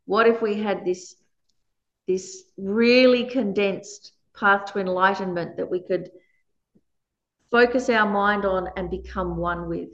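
A woman's voice: medium pitch, dull audio. Roomy-sounding female meditation teacher. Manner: conversational, laughs often. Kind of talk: dharma talk.

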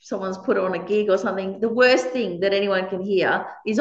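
A woman leading a workshop for a small group, lively and laughing often as she acts out quoted lines. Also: mid-range voice, a little fast. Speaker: workshop leader. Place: meditation centre room. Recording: echoey room, dull lo-fi sound.

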